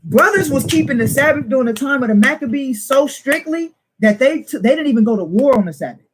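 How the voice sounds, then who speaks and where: High-pitched male teacher, fiery informal preaching, rhetorical jabs, faint background noise. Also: animated, a little fast, fairly bright tone, low-quality recording. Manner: emphatic, rhetorical questions, teasing laughs. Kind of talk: informal preaching to a small group.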